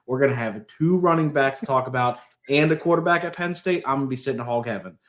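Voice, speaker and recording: A man's voice: medium pitch, fast talker, few pauses. A man co-hosting a casual podcast, joking around with lots of hesitant fillers. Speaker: podcast co-host.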